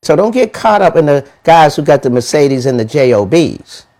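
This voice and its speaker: A man giving a motivational money talk, animated and preachy, with lots of rhetorical questions and slangy, casual phrasing. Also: fairly high pitch, moderate pace. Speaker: money mentor.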